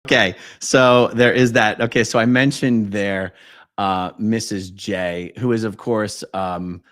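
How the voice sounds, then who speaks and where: A man's voice: fairly low pitch, fairly even intonation, slow pace, a bit bright, dry recording, studio quality. A man hosting a livestream, speaking in an indignant, emphatic way. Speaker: show host. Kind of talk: livestream commentary.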